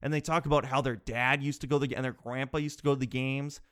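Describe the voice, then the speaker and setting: A man talking in a rambling, animated way, asking himself rhetorical questions and swearing casually. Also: mid-range voice, quick pace, clean tone. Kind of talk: casual chat.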